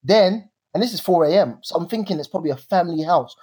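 A young man telling a story in casual chat, animated and full of slang, acting out his own drama. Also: high-pitched, quick pace, breathy edge.

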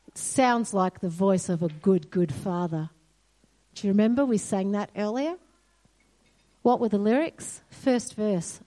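A woman's voice: medium pitch, measured pace. A woman giving a sermon in a church hall, earnest and storytelling. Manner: earnest, storytelling, quotes God softly. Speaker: church speaker.

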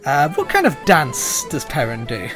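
A man's voice: mid-range voice, huge pitch swings, normal speed, over music. A man running a tabletop game as game master, narrating in a chatty, loose way with many fillers.

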